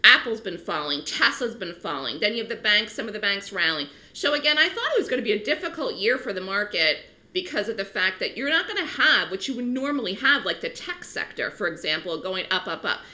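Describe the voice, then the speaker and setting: A middle-aged woman, a trading educator, giving a direct-to-camera market talk in an emphatic, animated way. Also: brisk, few pauses, rough recording. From New York City. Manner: animated, emphatic, rising pitch on key points.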